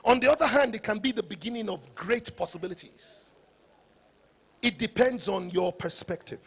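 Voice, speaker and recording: Man, conference speaker; high and husky, emphatic preacher-like delivery. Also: moderate pace. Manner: preacher-like, rising to shouts for emphasis. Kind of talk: motivational conference talk.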